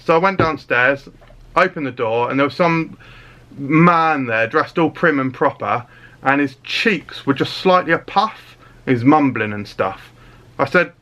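Guy hosting a silly podcast, highish bright voice, deadpan rambling with swearing. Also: a little slow, muffled recording. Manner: mock-serious storytelling with swearing. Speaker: podcast host. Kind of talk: deadpan comedy podcast banter.

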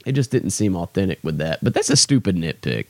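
A man's voice: sits low, big pitch swings, quick pace, a little mellow, no room sound. A young man hosting his own podcast, rambling in a casual, self-deprecating way with lots of fillers. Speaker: podcast host. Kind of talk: casual solo podcast chat.

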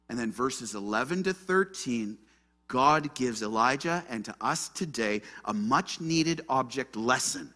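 A man preaching a sermon, earnest and emphatic, moving from hushed prayer to loud stress. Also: mid-range voice, expressive, a little slow. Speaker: pastor.

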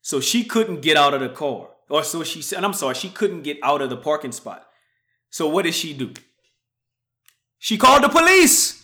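A man hosting a podcast, telling a story casually, swinging from muttered asides to loud, animated bursts. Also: fairly high pitch, brisk. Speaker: podcast host.

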